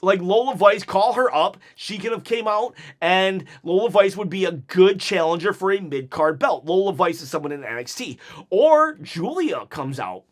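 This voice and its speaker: A man with a fairly high voice talks through a wrestling episode in a loose, opinionated way. He restarts his sentences and drops quick asides as he goes. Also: lively intonation. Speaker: wrestling show reviewer. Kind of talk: casual opinion commentary.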